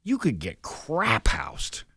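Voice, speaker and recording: A man's voice: fairly high pitch, slow pace, husky, no room sound, studio quality. A man co-hosting a morning radio show, chatting casually and retelling movie scenes with gusto. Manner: animated storyteller, quotes movie lines with gusto. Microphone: studio microphone.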